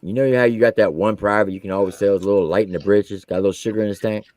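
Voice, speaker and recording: A man's voice: on the low side, fairly even intonation, very fast, darkish tone, no echo. A man, an army veteran who served as a drill sergeant, telling a story on a podcast in casual slang and acting out the quotes.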